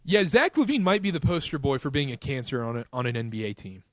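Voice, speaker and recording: A man co-hosting a casual basketball podcast, blunt and animated, mocking others when he retells their words. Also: mid-range voice, quick pace, no room sound, clean studio sound. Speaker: podcast co-host. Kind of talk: casual sports talk.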